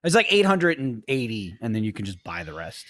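A man in his thirties chatting casually on a podcast, telling lively stories, swearing freely and mimicking his kid. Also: on the low side, fairly quick, no echo, studio quality. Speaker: podcast host. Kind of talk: casual chat.

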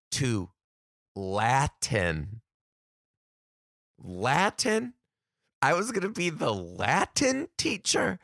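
A man and comedian telling a story casually to camera, animated, laughing often and swearing freely. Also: fairly high pitch, vocal fry, no echo, clean studio sound.

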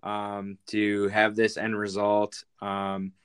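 A man co-hosting a sports podcast, talking in a halting way with many fillers. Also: fairly low pitch, completely flat delivery, fairly bright tone, smooth. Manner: hesitant, full of fillers. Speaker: podcast co-host. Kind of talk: sports talk chat.

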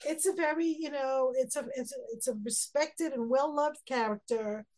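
A woman's voice: high-pitched, moderate pace, darkish tone. A woman teaching a text study class, reading verses aloud and then explaining them, acting out the quotes with rising emphasis. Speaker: Torah teacher.

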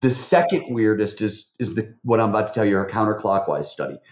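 A man, a podcast guest, tells stories in an animated way, with lots of fillers and restarts. His voice jumps up when he quotes people. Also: fairly low pitch, fairly quick, a little hiss or hum. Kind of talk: animated interview storytelling. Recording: roomy, slightly dull recording.

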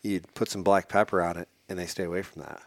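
A man as a podcast guest, telling a hunting story in a casual, animated way and acting out what people said. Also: sits low, fast talker. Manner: animated, acts out quotes.

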